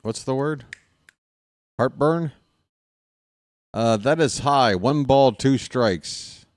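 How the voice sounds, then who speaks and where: A man calling a baseball game on his own stream, chatting casually between pitches and cracking small jokes. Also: drawn-out words, no echo, clean studio sound. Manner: casual, self-deprecating, jokey between pitches. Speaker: fan play-by-play broadcaster. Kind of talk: solo baseball play-by-play with chatty asides.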